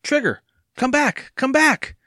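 A man voicing an excitable young boy in a storybook reading. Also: on the high side, fairly quick, breathy edge, dry recording, studio quality, voice pushed up, exaggerated voice. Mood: desperate. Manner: eager, shouting at times.

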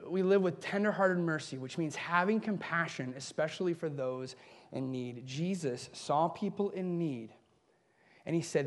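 A man preaching a sermon as a pastor, swinging between raised, emphatic bursts and soft, low passages, with a chuckle at his own asides. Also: normal speed.

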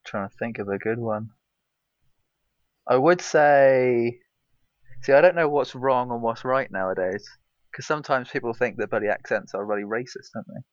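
A man's voice: mid-range voice, normal speed, no room sound. A man co-hosting a podcast, talking in a laid-back, rambling way. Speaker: podcast co-host. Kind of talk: casual chat. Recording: dry, dull lo-fi sound.

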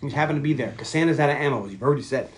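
A man's voice: mid-range voice, very fast. A man co-hosting a podcast, recapping a film in casual chat with lots of swearing and acted-out lines. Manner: profane, animated retelling with acted-out quotes. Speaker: podcast co-host.

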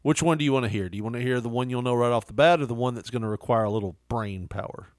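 A man's voice: medium pitch, racing, no room sound, clean studio sound. A man co-hosting a podcast, teasing and laughing a lot in crude casual banter. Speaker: podcast co-host.

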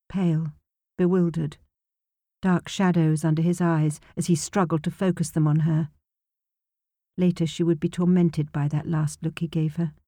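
Female audiobook narrator, lowish mellow voice, measured delivery, dry studio sound. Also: dry recording. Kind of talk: scripted narration.

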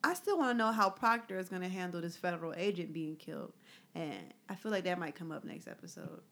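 Expressive woman co-hosting a podcast. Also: fairly low pitch, fast, creaky. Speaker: podcast co-host. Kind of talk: casual chat. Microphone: studio mic.

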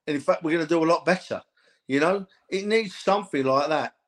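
A high-voiced older Englishman on a podcast, ranting with real emotion. He repeats himself, stumbles over words and sounds close to choking up. His tone is exasperated and heartfelt. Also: fairly quick. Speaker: podcast co-host. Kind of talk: impassioned rant.

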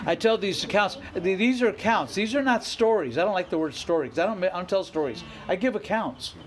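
A man's voice: sits high, expressive, brisk, a crowd in the background, low-quality recording. A middle-aged male pastor preaching a sermon, emphatic, repeating phrases and rising into bursts of exhortation.

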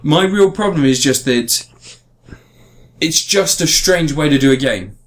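A man's voice: fairly high pitch, a little slow. A man in casual podcast chat, reviewing a game in a rambling way with frequent restarts. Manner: rambling, restarts often, animated emphasis.

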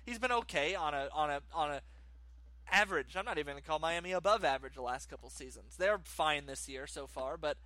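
A man co-hosting a podcast, chatting casually about sports with animated, ranting opinions. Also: a little high, a little fast, no echo. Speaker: podcast co-host.

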